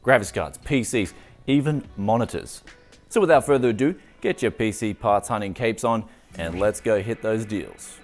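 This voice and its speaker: A man's voice: fairly low pitch, moderate pace, faint music behind. A man hosting a tech channel, upbeat and jokey, narrating a hunt for used computer parts. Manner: upbeat, jokey, full of slang. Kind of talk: casual vlog narration.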